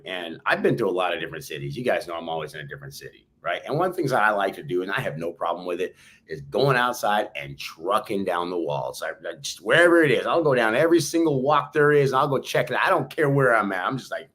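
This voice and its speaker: A man with a lowish voice talks quickly and casually, moving from everyday gripes to motivational points. His delivery is conversational and keeps pushing forward. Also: sing-song, a bit bright. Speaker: podcast co-host. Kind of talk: casual chat.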